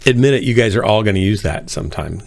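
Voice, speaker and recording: Low-voiced man streaming a game. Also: lively intonation, fast, creaky. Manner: rambling, self-deprecating, chats with viewers. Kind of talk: casual live-stream chat while gaming.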